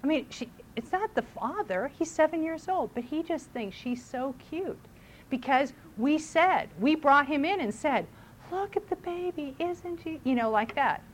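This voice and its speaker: A woman's voice: high-pitched, expressive, normal speed, a little hiss or hum. A middle-aged mother giving casual parenting advice, chatty, who acts out what people say. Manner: chatty, acts out voices in quotes.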